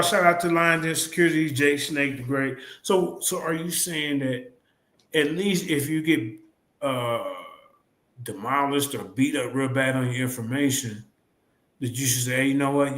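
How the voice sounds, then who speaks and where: A man's voice: a little high, measured pace, a bit bright, echoey room. A man hosting a casual live stream talk, loose and repetitive, swearing casually. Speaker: host.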